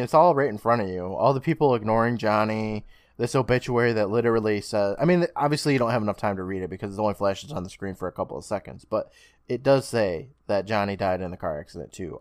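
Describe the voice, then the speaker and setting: Low-voiced man retelling a plot, dry mic. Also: a little fast, dry recording. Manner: storytelling retell with swearing, acts out lines. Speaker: podcast co-host recapping an episode. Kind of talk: casual recap chat.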